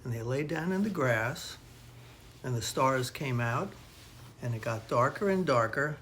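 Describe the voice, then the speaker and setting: An older man, a grandfather, reading a children's storybook aloud in a slow, gentle way. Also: mid-range voice, expressive, a little hiss or hum.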